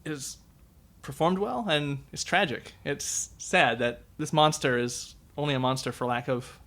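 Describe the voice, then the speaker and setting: A man on a film podcast talking earnestly and sentimentally about a film's romance, a bit halting with restarts. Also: on the high side, a bit bright. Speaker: podcast guest. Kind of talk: casual movie podcast chat.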